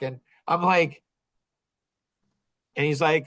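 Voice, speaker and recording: A man in his sixties telling a story in a casual podcast chat, rambling and halting, with many fillers and restarts. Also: medium pitch, fairly even intonation, fairly bright tone, poor audio.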